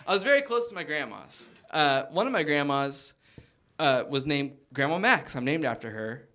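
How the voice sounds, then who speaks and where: A man in his thirties doing stand-up, telling self-deprecating stories with animated delivery. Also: fairly high pitch, normal speed. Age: 30s. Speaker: stand-up comedian. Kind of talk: stand-up comedy set.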